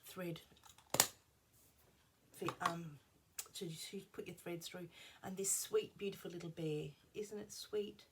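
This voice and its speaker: A middle-aged woman chatting casually at her craft table at home, rambling and drifting into soft asides, a little unwell. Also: on the low side, fairly even intonation, takes it slowly, gravelly, long pauses, very noisy. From Australia. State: slightly unwell. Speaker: craft vlogger. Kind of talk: casual show-and-tell chat.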